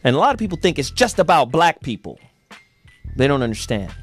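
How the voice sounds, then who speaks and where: A man hosting a casual morning talk show, talking in an animated, slangy and emphatic way. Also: on the high side, a little fast, slightly rough, faint music behind. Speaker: host. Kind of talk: casual radio-show chat.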